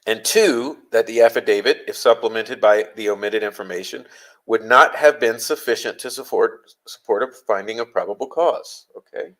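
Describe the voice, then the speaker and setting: Male legal commentator, fairly low voice, reads case law slowly and leans on the key phrases. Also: a bit bright, low-quality recording. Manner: deliberate, stresses key phrases. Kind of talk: reading and explaining legal texts.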